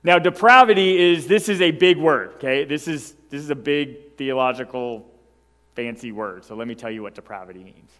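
A man preaching a sermon as pastor, emphatic and animated, who keeps checking in with the congregation by asking "right?". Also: mid-range voice, moderate pace, big-room sound. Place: church sanctuary.

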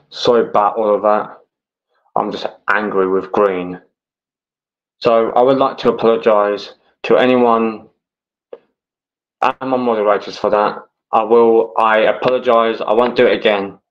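A man's voice: fairly low pitch, steady tone, unhurried, highs cut off. A man talking on his livestream, agitated and blunt, swearing and repeating himself. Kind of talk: ranting livestream talk.

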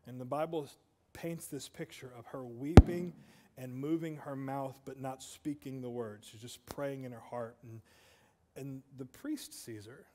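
A man's voice: medium pitch, fairly even intonation, a little slow, big-room sound, noisy background. A man preaching a sermon in a church, conversational, with asides to the congregation. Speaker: pastor. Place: church sanctuary.

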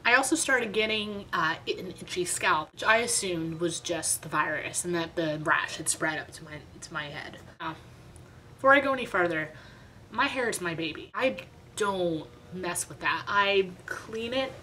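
A woman's voice: lowish voice, lively intonation, moderate pace, bright, forceful tone, a little hiss or hum, poor audio. A young woman vlogger telling a story in a chatty, dramatic, self-mocking way. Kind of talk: casual storytime vlog.

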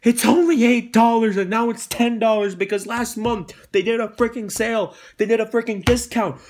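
A young man hosting his own YouTube show, talking casually and breaking into loud, sarcastic rants with swearing. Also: extremely high pitch, steady tone, moderate pace. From United States. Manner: rants loudly, swears, dramatic outbursts. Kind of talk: casual vlog monologue.

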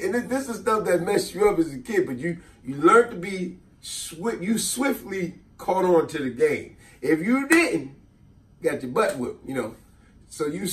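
A man telling funny childhood stories to his viewers in a casual, animated way, often laughing. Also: fairly high pitch, distant mic. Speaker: vlogger. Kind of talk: comedic storytelling. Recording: voice a bit off-mic.

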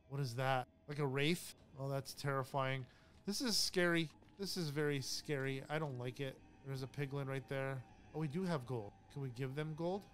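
A man casually narrating his own gameplay, chatty and jumpy, easily startled and quick to laugh at himself. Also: on the high side. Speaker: gaming YouTuber. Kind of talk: casual let's-play commentary.

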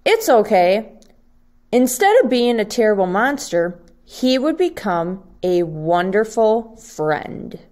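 A woman teacher reading a picture book aloud to second graders in a slow, expressive storytelling voice. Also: mid-range voice.

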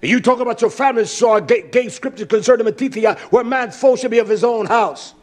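Man, high voice, fiery preacher, shouts now and then, swears, repeats for emphasis, says "uh" a lot. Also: brisk. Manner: often shouts, with many "uh" fillers. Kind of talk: fiery sermon.

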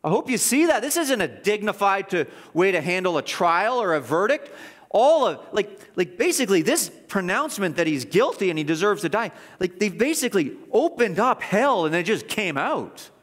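A man's voice: sits high, big pitch swings, moderate pace, fairly bright tone, in a large hall. A man preaching a sermon as pastor, impassioned, with mocking asides and repeated words. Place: church sanctuary.

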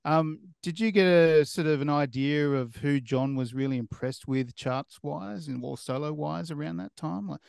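A man's voice: on the high side, moderate pace, gravelly, hardly any pauses, a little mellow, clean tone, no echo, clean studio sound. A man hosting a podcast who asks long, meandering questions full of fillers and restarts. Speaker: podcast host. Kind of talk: casual interview questions.

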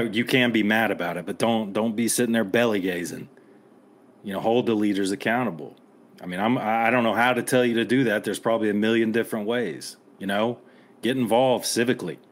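Middle-aged man, podcast co-host, low voice, angry and blunt with plenty of cursing. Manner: angry, blunt, swears, rallying listeners. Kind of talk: impassioned podcast commentary.

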